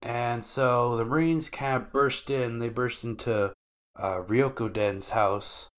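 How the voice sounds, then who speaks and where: A man's voice: mid-range voice, fairly even intonation, takes it slowly. A man co-hosting a podcast, casually recapping anime episodes in loose slangy talk and acting out the characters' lines.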